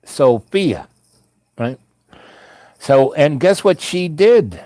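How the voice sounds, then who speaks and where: A man's voice: fairly high pitch, very animated, drawn-out words, mellow, dry recording. A man casually telling a long personal story, meandering with many asides and restarts.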